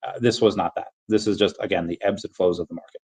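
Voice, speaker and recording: A man with a somewhat low voice hosts a casual livestream and talks through viewers' questions. He rambles, corrects himself mid-sentence and drops into playful put-on voices when he reads out chat. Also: fairly even intonation, fast talker, darkish tone, husky. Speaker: livestream host answering chat.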